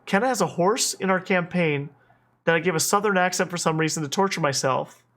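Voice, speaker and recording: A stream host with a Minnesotan accent, chatting at an ordinary pitch in loose, rambling sentences. The talk is full of fillers and restarts. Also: a little fast, fairly bright tone. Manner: rambling, many fillers and restarts, laughs often. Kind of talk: casual livestream chat.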